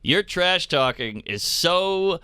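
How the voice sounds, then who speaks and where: A man's voice: on the high side, slow, clear, resonant tone, no echo. A man, a comedian guest on a talk radio show, telling stories casually and acting out the people in them. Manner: animated, acts out people in his stories. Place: radio studio. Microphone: close studio mic.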